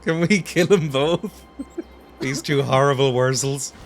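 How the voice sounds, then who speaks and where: A man's voice: medium pitch, slow, faint music behind. A man hosting a let's play, making sarcastic jokes about the game as he plays. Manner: sarcastic, joking, laughs often. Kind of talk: jokey gameplay commentary.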